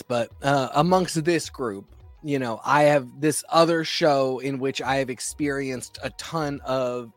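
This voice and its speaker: A man's voice: medium pitch, no echo. A man joining a podcast over a call, reflecting on the show with small self-corrections. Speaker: podcast guest. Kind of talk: casual podcast chat. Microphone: remote call.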